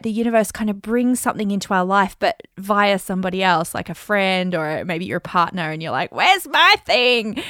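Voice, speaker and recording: A woman's voice: medium pitch, no room sound. Upbeat woman podcast host, dry sound. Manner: upbeat, chatty, repeats affirmations slowly for emphasis. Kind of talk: casual motivational podcast talk.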